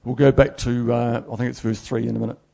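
A middle-aged man preaches, his voice gravelly and a little husky. He tells stories with animated, self-deprecating energy. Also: medium pitch, quick pace. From New Zealand. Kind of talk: sermon.

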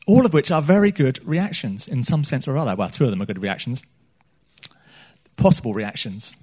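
A man's voice: medium pitch, lively intonation, normal speed, darkish tone, slightly rough. A man preaching a sermon on a small church stage, chatty and joking, throwing questions out to the congregation.

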